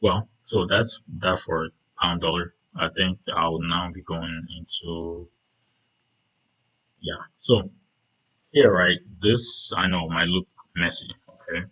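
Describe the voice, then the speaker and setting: A man's voice: deep voice, fairly even intonation, takes it slowly, bright, forceful tone, lo-fi sound. A man casually talking through trading charts, rambling with many fillers and "right?" checks. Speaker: trading video host.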